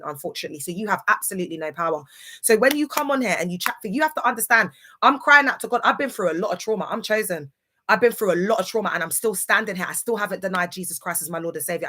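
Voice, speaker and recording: This livestreamer has a medium-pitched, sharp-toned voice and talks casually to her live audience while grieving. Her manner is emphatic and preachy, and she keeps checking that viewers follow her.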